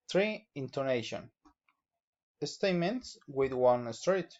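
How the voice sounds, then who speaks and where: A young man whose first language is Spanish works slowly through a pronunciation exercise, reading each word list and sample sentence with deliberate care. His voice sits a little high for a man. The recording is dull and lo-fi. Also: animated, darkish tone. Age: young adult. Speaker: student. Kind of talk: reading a phonetics exercise aloud.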